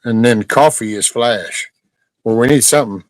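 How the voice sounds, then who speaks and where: A middle-aged man with a relaxed drawl chats casually to his livestream viewers at a medium pitch. He rambles easily from topic to topic and keeps cutting in to tell his dog to settle down. The sound is dry and close, with no room echo. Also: moderate pace. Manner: laid-back, rambling, scolds his dog mid-sentence. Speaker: livestream host. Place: at home near a backyard chicken coop.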